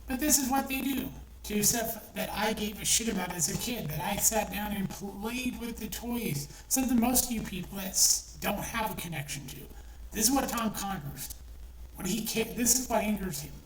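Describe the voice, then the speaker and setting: In an echoey room, distant from the mic and with faint background noise, a middle-aged woman rants online, furious, profane and repeating herself. Her voice is mid-range at normal speed.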